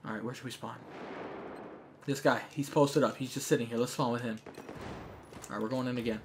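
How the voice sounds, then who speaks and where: A man giving jokey, chatty commentary over his own gameplay, breaking into shouts when things get tense. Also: medium pitch, fairly even intonation, a little fast, noisy background. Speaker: gaming YouTuber. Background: game gunfire.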